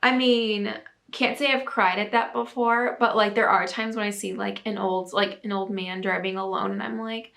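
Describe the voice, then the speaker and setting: A woman's voice: medium pitch, fairly even intonation, normal speed, creaky, fairly bright tone. A young woman hosting a casual talk segment, bubbly and chatty with lots of filler words. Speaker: host reading viewer submissions. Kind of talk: casual chat and reading aloud.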